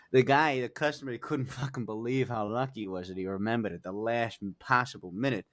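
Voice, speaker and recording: A man's voice: medium pitch, expressive, normal speed. A man telling long, rambling jokes in character during a roleplay, full of fillers and restarts, swearing casually.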